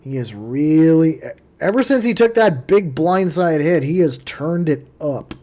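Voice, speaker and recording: A man hosts a live sports watchalong, calling the plays as a fan would. His voice sits a little on the high side. He drops to low muttering in tense moments and jumps up loud when a play goes his team's way. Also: unhurried. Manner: excitable fan, swings from muttering to cheering. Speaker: livestream watchalong host. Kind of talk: casual live sports commentary.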